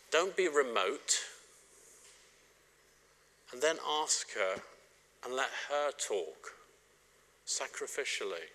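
A man's voice: medium pitch, a little hiss or hum. A middle-aged man gives a sermon on marriage, speaking straight to the congregation and joking now and then. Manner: warm, joking, direct address to the congregation. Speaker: preacher.

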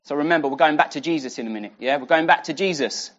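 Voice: medium pitch, quick pace, lo-fi sound. A preacher teaching a Bible passage in a conversational sermon, full of restarts and rhetorical questions.

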